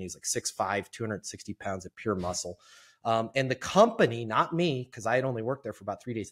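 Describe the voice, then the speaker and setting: A man who is a podcast guest, telling a sales story in an animated way and acting out the quotes. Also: on the low side. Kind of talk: storytelling interview.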